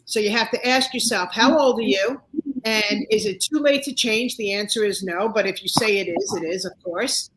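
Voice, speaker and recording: A woman in her sixties, a talk-show guest telling personal stories in an animated, motivational way. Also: mid-range voice, normal speed, background noise. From United States. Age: 60s. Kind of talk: casual interview chat.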